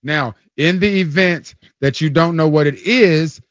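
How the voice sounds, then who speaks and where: Dude guesting on a radio show, teasing quiz vibe, kinda high voice, dry mic. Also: male voice, a little slow, fairly bright tone, no echo, dull audio. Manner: playful, teasing quizmaster. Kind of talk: casual radio chat.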